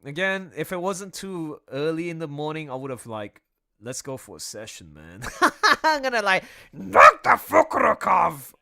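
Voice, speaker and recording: Guy on a livestream, kinda high voice, super lively, keeps laughing and cutting himself off. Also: moderate pace. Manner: excitable, laughs often, trails off mid-sentence. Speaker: streamer and artist. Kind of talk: casual livestream chat.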